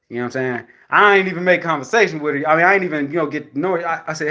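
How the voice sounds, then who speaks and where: A man's voice: very fast, few pauses. A man with a young son talks casually to viewers in a rambling, profane monologue, repeating "you know what I'm saying" and acting out the voices of the people he quotes. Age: adult with a young son. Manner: acts out quoted voices, jumping high and loud. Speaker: vlogger speaking to viewers.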